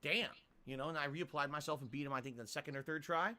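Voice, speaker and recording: A man's voice: on the high side, very fast, sharp tone. A man streaming games, chatting casually to his viewers and cooing at his cat. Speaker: game streamer. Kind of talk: casual livestream chat.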